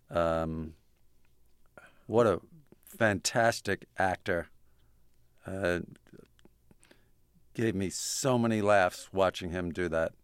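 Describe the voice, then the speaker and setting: A man's voice: low-pitched, a bit bright, smooth, no room sound, studio quality. A man as an interview guest, telling anecdotes in a wry way and often restarting his sentences. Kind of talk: interview storytelling.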